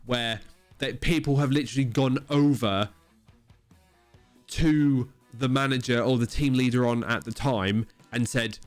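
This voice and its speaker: A man, co-hosting a casual podcast chat, blunt and sweary, with halting restarts. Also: medium pitch, dry recording, soft background music. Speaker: podcast co-host.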